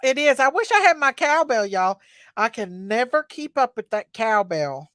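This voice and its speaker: A middle-aged woman hosting a casual livestream, talking in a slow, unhurried drawl and calling out viewers by name. Her voice sits a touch high, and the sound is close and dry with no room around it. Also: animated, fairly bright tone, dry recording. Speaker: livestream host.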